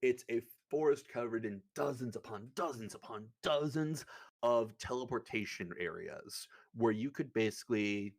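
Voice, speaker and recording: A young man with a medium-pitched voice and some vocal fry speaks at a moderate pace into a streaming setup. As game master of a tabletop game, he recaps the session in a casual, rambling way, swearing as he goes.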